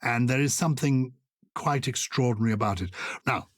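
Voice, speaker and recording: An older man co-hosting a podcast, explaining poetry with lively enthusiasm and reciting verse with emphatic rhythm. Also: mid-range voice, fairly quick, no echo, clean studio sound. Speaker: podcast co-host.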